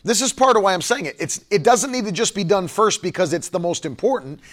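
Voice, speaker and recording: A man preaching a livestream sermon, emphatic and repeating his key phrases, pausing to read viewer comments aloud. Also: high-pitched, lively intonation, a bit bright.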